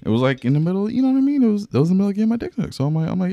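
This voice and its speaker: A young man chatting casually on a podcast, telling an animated story full of slang and frequent laughs. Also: a little high, rapid-fire, creaky, few pauses, dry recording. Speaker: podcast co-host. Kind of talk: casual chat.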